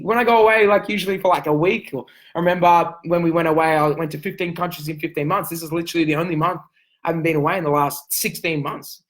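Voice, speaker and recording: The recording is rough, and the man's voice sits high. Giving a motivational sales coaching talk, he's intense and emphatic, driving points home through repetition and sometimes pushing close to yelling.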